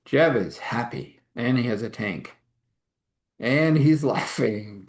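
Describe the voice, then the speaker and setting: A man telling a spiritual story in a relaxed way, laughing often. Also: medium pitch, slow. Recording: roomy echo.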